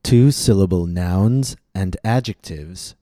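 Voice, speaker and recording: A man with an American accent hosting a scripted pronunciation lesson, explaining slowly and humming out word melodies. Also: low voice, warm tone, no room sound, clean studio sound. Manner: slow, deliberate, demonstrates words with hummed melodies. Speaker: podcast host and pronunciation teacher. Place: New York City.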